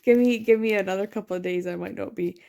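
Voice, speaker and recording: A young woman chatting excitedly in a late-night reading vlog, sleepy with her words slurring, gasping and laughing as she gushes about a book. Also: medium pitch, quick pace, gravelly. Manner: gushing and excitable, frequent laughs and gasps. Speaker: book vlogger.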